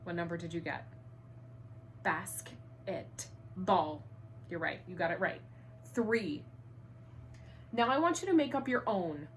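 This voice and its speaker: A woman teaching an online first grade reading lesson, upbeat and encouraging, enunciating clearly. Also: fairly low pitch, animated, takes it slowly, long pauses, a little hiss or hum.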